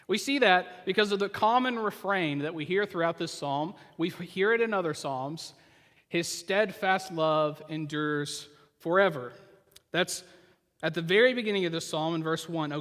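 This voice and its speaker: A male pastor preaching a sermon, retelling the story as if the listener were there and dropping to quiet asides. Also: high voice. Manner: storytelling, puts the listener into the scene. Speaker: senior pastor. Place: church sanctuary. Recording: reverberant church hall.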